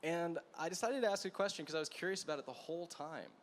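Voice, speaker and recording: A man preaching as a pastor at a church gathering, telling a story in a conversational, animated way with asides to the room. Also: fairly high pitch, fast talker, a little hiss or hum. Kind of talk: storytelling sermon.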